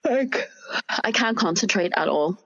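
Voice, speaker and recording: Lively, giggly woman. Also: mid-range voice, slightly rough, muffled recording. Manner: giggly, playful, quick reactions. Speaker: podcast co-host. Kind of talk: casual chat. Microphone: video call from home.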